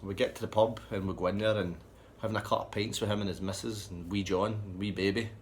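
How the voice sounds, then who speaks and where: A Scottish man with a Scottish accent telling a sweary, rambling comic anecdote in a deadpan way. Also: fairly low pitch, fast talker, slight background noise. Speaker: storyteller.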